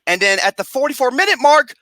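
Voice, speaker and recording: This is a host in the middle of a comedic review rant, cursing freely and laughing at their own jabs. Their pitch leaps around constantly, and the tone is bright and cutting. The recording is dry and close. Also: fast, no echo. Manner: animated, laughing, swearing, sarcastic.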